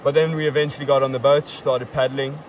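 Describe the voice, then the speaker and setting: A young male podcast host with a medium-pitched, fairly flat voice talks quickly outdoors, recapping a river trip in an upbeat, playfully boastful way. The mic is distant, and traffic noise runs in the background.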